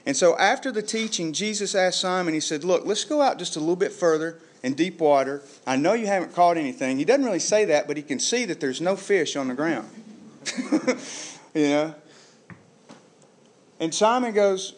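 A pastor preaching a sermon, telling the story vividly and acting out the voices of the people in it. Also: male voice, a little high, animated, moderate pace.

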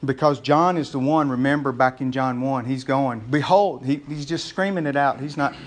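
A man, a pastor preaching a sermon in a conversational way, calling the congregation "gang" and getting loud and excited as he acts out scenes. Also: medium pitch, moderate pace.

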